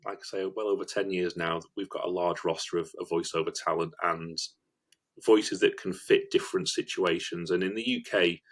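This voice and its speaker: Guest, man, very low voice, explains his work and repeats words as he thinks. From northern England. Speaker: video production company founder, guest. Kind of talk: conversational interview.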